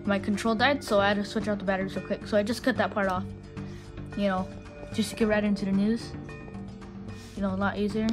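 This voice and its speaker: A woman's voice: mid-range voice, poor audio. A woman voicing over her gameplay clips as a channel host, rambling and swearing and trash-talking the other players. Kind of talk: voiced-over gameplay commentary. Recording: game music loud underneath.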